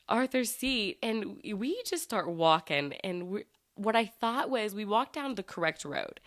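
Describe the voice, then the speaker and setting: A woman's voice: medium pitch, a bit bright, no echo, studio quality. Chatty woman podcaster. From United States. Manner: chatty, laughs often, acts out quoted exchanges. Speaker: podcast host. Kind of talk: casual travel storytelling.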